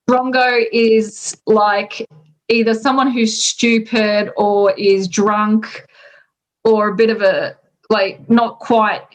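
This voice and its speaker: An Australian woman talks through slang terms one by one in a relaxed, chatty way, laughing often as she goes. Her voice sits a little high and she takes her time. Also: low-quality recording. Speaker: teacher explaining slang. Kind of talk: casual explanation.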